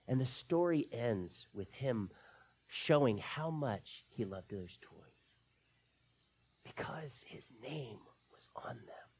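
A man preaching a sermon to a church, dropping to soft near-whispers and then rising into loud, excited bursts. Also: mid-range voice, takes it slowly, slight background noise. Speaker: pastor. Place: church sanctuary.

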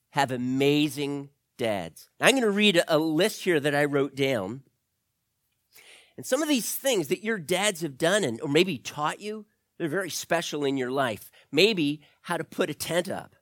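Guy telling a kids' story, animated, a bit high, dry close mic. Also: moderate pace, dry recording. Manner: animated, addresses kids directly. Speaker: children's storyteller. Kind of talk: storytelling to children.

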